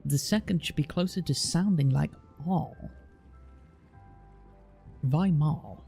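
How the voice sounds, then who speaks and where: A man's voice: a little high, normal speed, vocal fry, a little mellow, husky, soft background music. A man from Bristol with a rhotic West Country accent, chatting casually and curiously on a livestream, rambling with restarts and fillers. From Bristol, England. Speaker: streamer chatting with a guest.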